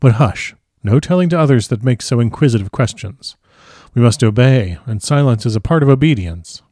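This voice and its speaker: Guy doing an old foreign professor, slow grave broken english, dark mellow dry voice. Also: mid-range voice, animated, no room sound, close to an everyday voice. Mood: gentle. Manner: broken formal English, stately measured delivery. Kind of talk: audiobook character reading.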